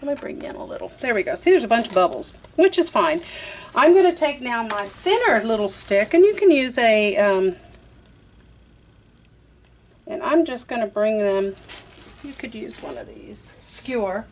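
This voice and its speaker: A woman's voice: a little high, very animated, normal speed, slight background noise. A woman, chatting her way through a craft tutorial, talking to herself as she works. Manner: chatty, talks to herself while working, says "y'all". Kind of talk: casual step-by-step craft tutorial.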